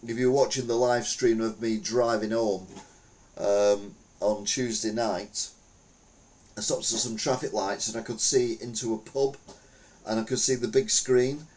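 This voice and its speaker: Man, podcast host, casual news chat, wry rambling asides, mid-pitched voice. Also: a little mellow. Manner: rambling, wry, self-mocking jokes with filler-heavy asides.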